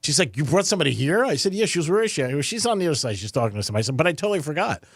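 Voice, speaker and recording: A man's voice: on the high side, big pitch swings, rapid-fire, slightly rough, no room sound, clean studio sound. A middle-aged man on a radio show, telling rambling, self-mocking stories and laughing often. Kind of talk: casual radio banter.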